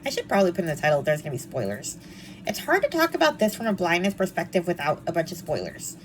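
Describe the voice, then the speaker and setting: A woman's voice: fairly low pitch, very animated, quick pace, slight background noise, rough recording. A young woman chatting casually and with snark as she reviews a book series, with frequent ums and asides.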